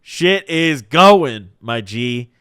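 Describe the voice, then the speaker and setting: A young podcast host speaks very slowly in a slightly high, clear, resonant voice, recorded at studio quality with no room sound. On his live stream he tells animated stories in a casual way, heavy on slang and profanity.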